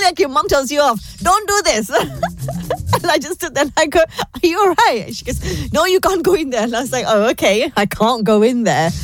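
A woman presenting a breakfast radio show from a studio, chatting and telling a story while she keeps laughing. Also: on the high side. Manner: giggly, animated storytelling. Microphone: studio microphone.

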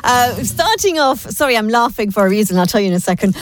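A woman's voice: on the high side, quick pace. A woman presenting a breakfast radio show from a studio, chatting and telling a story while she keeps laughing. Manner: giggly, animated storytelling. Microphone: studio microphone.

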